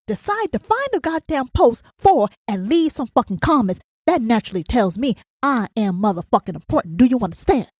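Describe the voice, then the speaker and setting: Woman, podcast host, blunt profane rant, higher voice, swooping lively pitch. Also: no echo, clean studio sound. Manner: blunt, profane and emphatic, keeps asking "do you understand?". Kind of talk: ranting monologue.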